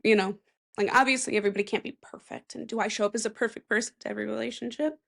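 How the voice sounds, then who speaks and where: A woman's voice: on the high side, steady tone, rapid-fire, creaky, a bit bright. A woman in her thirties hosting a casual solo podcast, chatty and rambling with sarcastic asides. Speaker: podcast host.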